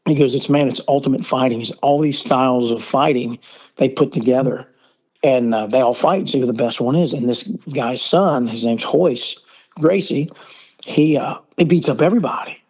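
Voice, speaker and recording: A man's voice: mid-range voice, normal speed, darkish tone, breathy edge, highs cut off. A middle-aged man with a Southern US accent, a podcast guest telling stories at length and acting out the dialogue. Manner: rambling, acts out quoted dialogue. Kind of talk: casual storytelling. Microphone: remote call.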